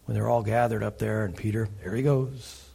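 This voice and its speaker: A man preaching an expository sermon to a congregation, asking them questions and swinging between loud emphatic rises and quiet low asides. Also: steady tone, normal speed, vocal fry, husky. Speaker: pastor.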